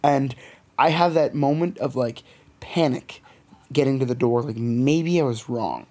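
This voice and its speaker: A young man with a Canadian accent, a podcast co-host telling a profane, animated story in casual chat. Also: medium pitch, a little slow.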